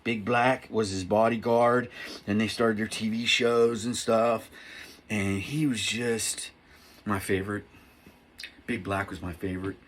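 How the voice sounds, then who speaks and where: A middle-aged man talking casually to camera as a knife reviewer, rambling and excitable, poking fun at himself. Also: lowish voice, a little slow, slight background noise. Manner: rambling, excitable, self-mocking.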